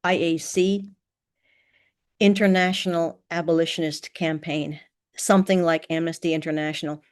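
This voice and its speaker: A woman narrating a first-person novel in an even, measured reading voice. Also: low voice. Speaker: audiobook narrator.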